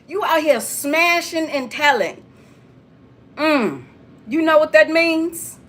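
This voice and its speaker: A woman with a high-pitched voice preaches straight to her viewers. She lectures with blunt emphasis and keeps circling back to the same phrases. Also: lively intonation, takes it slowly, fairly bright tone. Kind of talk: preachy straight-talk monologue.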